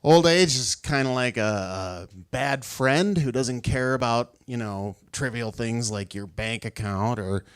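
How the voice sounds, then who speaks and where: A man's voice: mid-range voice, a little slow, hardly any pauses, smooth. A middle-aged man doing stand-up comedy in a conversational, rambling way full of asides.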